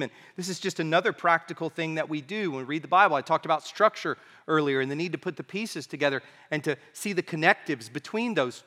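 A man preaching a sermon as pastor, swinging from quiet asides to emphatic rising phrases, with an occasional cough. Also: on the high side. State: coughing now and then. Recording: long hall reverb.

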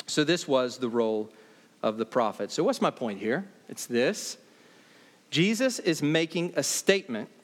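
High-voiced man preaching in a hall. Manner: emphatic, repeats key phrases, voice dropping low on points. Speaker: pastor. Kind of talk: expository sermon.

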